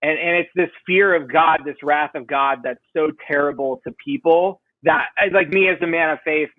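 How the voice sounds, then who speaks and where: A man's voice: fairly high pitch, moderate pace, no echo. Lo-fi man chatting with fillers. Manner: rambling, self-deprecating, many fillers. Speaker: podcast guest, band vocalist. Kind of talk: casual interview chat.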